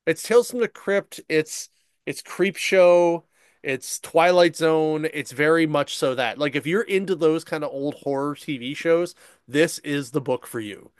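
A man casually retelling a comic book story on a podcast, rambling and slipping into quick character asides. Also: fairly high pitch, smooth, no echo, clean studio sound. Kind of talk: casual chat.

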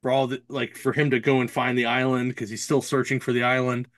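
A man's voice: medium pitch, brisk, no room sound. Rambling male podcast host, dry sound. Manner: rambling storyteller, animated quoted voices. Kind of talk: casual chat.

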